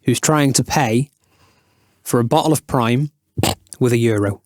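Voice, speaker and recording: A man's voice: mid-range voice, measured pace, no echo. A man hosting a casual podcast chat in a playful way, setting up comic challenges for his guests. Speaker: podcast host.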